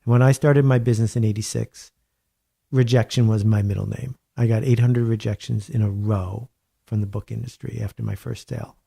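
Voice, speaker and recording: A man being interviewed as a guest author. He tells stories in an animated, wry way and leans on emphatic repetition. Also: on the low side, a little fast, creaky, husky. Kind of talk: conversational interview. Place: home studio.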